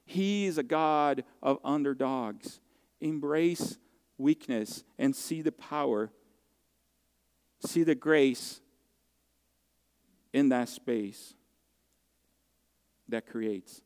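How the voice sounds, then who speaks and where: A man preaching a sermon as pastor, telling a personal story in an earnest, heartfelt way with halting restarts. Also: medium pitch, smooth, big-room sound.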